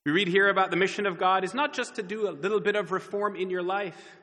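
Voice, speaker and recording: A man preaches to his congregation with a bright, somewhat high voice, leaning on words and slowing down for emphasis. The sound carries a long reverb from a large church hall. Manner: earnest preaching with dramatic pauses and emphasis. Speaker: pastor. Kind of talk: sermon.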